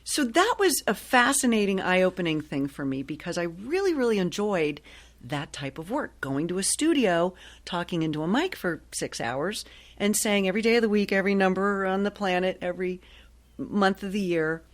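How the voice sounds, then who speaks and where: A woman in her sixties from Ohio, a guest telling stories in a chatty, lively way with frequent laughs. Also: medium pitch, moderate pace. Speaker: guest, actress and voiceover artist. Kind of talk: casual interview storytelling.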